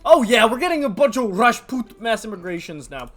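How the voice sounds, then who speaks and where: An excitable young man narrating a strategy game, his pitch jumping all over as he hypes up his audience. He laughs often, and faint music plays behind him. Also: a little fast. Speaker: gaming YouTuber.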